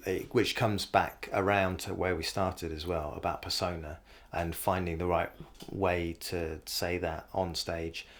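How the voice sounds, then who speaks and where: A man's voice: low-pitched, little pitch movement, a little slow, few pauses. A man hosting a comedy podcast, interviewing a guest and backing her up with lots of short agreements. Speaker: podcast host. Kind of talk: interview chat.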